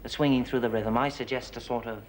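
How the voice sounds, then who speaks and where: A man's voice: medium pitch, fairly even intonation, fast, slight background noise. A man, a jazz drummer, talking through ideas at a band rehearsal and humming rhythms to show them. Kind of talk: rehearsal discussion.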